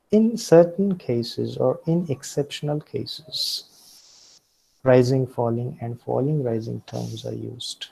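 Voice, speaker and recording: Male pronunciation lecturer; gravelly, husky delivery, deliberate, repeats examples. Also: medium pitch, mellow, low-quality recording. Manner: deliberate, repeating example words and starting points with "See".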